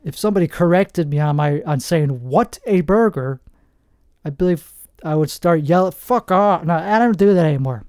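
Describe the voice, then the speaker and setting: A man in his forties from New Jersey, hosting a rambling comedic monologue with deadpan, self-mocking asides. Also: on the high side, a little fast, smooth, dry recording, clean studio sound. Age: 40s. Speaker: comedian host.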